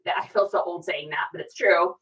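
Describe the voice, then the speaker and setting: A woman's voice: on the low side, fairly quick, fairly bright tone, husky, poor audio. A woman reseller chatting casually to a livestream audience, giving listing tips in a chatty, conspiratorial way. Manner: chatty, conspiratorial, with lots of fillers. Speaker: clothing reseller.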